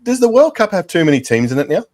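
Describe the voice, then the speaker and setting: A man hosts a relaxed football podcast over a video call. He talks fast with a slightly raised pitch, rambling and cracking jokes at his own expense. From England. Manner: jokey, rambling, self-mocking. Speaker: podcast host. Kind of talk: casual football chat.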